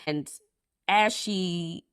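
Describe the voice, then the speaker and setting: Low-voiced, indignant woman podcaster. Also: drawn-out words, fairly bright tone, clean tone, no echo, clean studio sound. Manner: intense, indignant storytelling. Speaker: podcast co-host. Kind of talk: true crime podcast narration.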